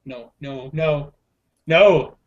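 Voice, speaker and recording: Excitable high-voiced man, lo-fi. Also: drawn-out words. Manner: excitable, exclaiming, laughs often. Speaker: podcast co-host. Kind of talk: casual chat. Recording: dull lo-fi recording.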